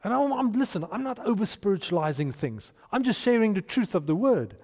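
High-voiced preacher. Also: male voice, brisk, gravelly. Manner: animated, storytelling preacher with restarts and sudden hushed asides. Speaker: pastor. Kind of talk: sermon. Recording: long hall reverb.

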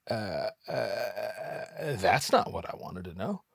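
A man riffing in a rambling comedic monologue at home, profane and often interrupting himself as he works through his thoughts out loud. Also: fairly low pitch, lively intonation, takes it slowly, gravelly, slightly rough, dry recording, studio quality. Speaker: solo commentator.

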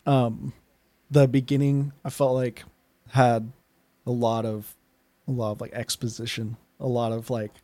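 A man's voice: medium pitch, flat delivery, a little slow, mellow, no echo. A man co-hosting a podcast, chatting casually and agreeably, hesitating with fillers. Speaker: podcast co-host. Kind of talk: casual chat.

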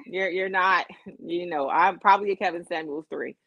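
A woman's voice: on the low side, normal speed, lo-fi sound, a crowd in the background. Laid-back woman, candid co-host. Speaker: podcast co-host. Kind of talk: casual chat.

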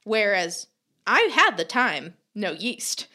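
A woman's voice: mid-range voice, big pitch swings, slow pace, bright, forceful tone. A young woman chatting casually on a podcast, telling a comic story, swearing freely and acting out quotes with lots of laughter. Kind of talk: casual comedic storytelling chat.

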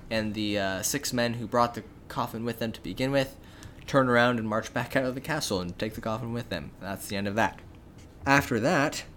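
A young man casually retelling a fairy tale as a podcast co-host, with relaxed, jokey asides and frequent fillers. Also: fairly low pitch, a little hiss or hum.

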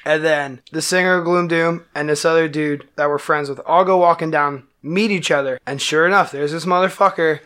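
A man, a band musician, telling a wild story in casual, profane talk, acting out the quotes loudly. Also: fairly high pitch, fairly even intonation, fairly quick, few pauses, clear, resonant tone.

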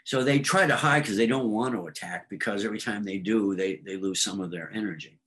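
A man's voice: fairly low pitch, brisk, a bit bright, low-quality recording. Rambling man explaining astrology. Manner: rambling, fills with um and uh, plays voices in stories. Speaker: astrologer guest. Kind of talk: casual explanatory conversation.

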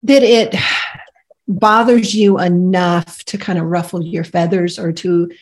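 A woman co-hosting a podcast, thoughtful and halting as she searches for her words. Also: fairly low pitch, steady tone, darkish tone. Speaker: podcast co-host. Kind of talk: casual podcast conversation.

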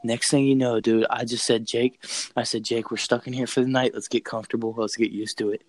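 A man's voice: mid-range voice, fairly quick, no room sound, rough recording. Young man telling a scary story, profane. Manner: excited, profane, repeats phrases. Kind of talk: casual story.

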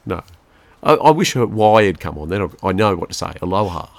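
Brisk and creaky, his fairly low voice takes big pitch swings. He's a middle-aged Australian man co-hosting a podcast with his son, casually chatting and wandering through stories with plenty of laughs.

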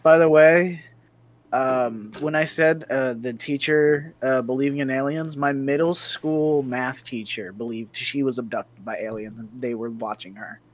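A man's voice: mid-range voice, steady tone, measured pace. A man co-hosting a podcast in casual chat, easygoing and teasing, chiming in with short replies. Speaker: podcast co-host.

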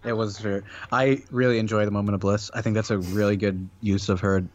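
A man's voice: on the low side, fairly even intonation, brisk, muffled recording, slight background noise. A man co-hosting a casual podcast chat, talking loosely with lots of fillers and frequent laughs. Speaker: podcast co-host.

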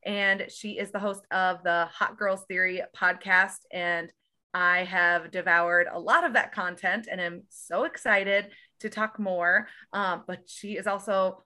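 A woman's voice: fairly low pitch, fairly even intonation, measured pace, bright, forceful tone. An American woman hosting a podcast, chatting in a bubbly, enthusiastic way. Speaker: podcast host. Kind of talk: casual chat.

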